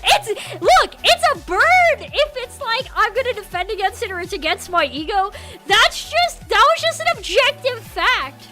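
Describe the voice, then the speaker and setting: A young woman streaming and chatting casually with viewers, animated, often yelling and laughing. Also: extremely high pitch, moderate pace, faint music behind.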